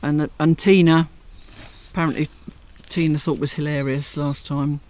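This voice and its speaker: A man's voice: on the high side, flat delivery, normal speed, a little mellow, a little hiss or hum. A man from England with a South London accent, co-hosting a casual home podcast in a chatty, self-deprecating way. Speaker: podcast co-host. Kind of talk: casual chat. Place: home in France.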